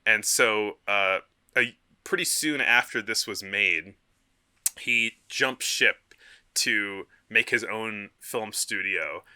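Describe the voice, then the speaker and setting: A man's voice: fairly low pitch, takes it slowly, sharp tone, clear, resonant tone. A man co-hosting a film history podcast, talking casually with many fillers and frequent laughs. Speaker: podcast co-host.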